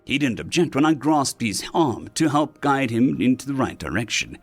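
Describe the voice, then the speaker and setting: A man's voice: mid-range voice, big pitch swings, moderate pace, few pauses, slightly rough, faint music behind. A man reading sci-fi short stories aloud as scripted narration.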